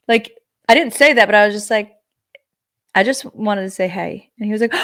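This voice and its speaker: A woman hosting a casual podcast chat, telling lively stories and swearing freely. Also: medium pitch, moderate pace, pauses often. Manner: animated storyteller, swearing freely. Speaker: podcast host.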